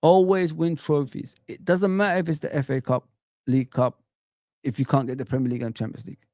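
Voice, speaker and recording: His voice on the high side and darkish in tone, a middle-aged man talks a little fast with fairly even intonation. He's ranting casually on a live football stream, addressing viewers and chat directly with rhetorical questions. Studio quality, no echo.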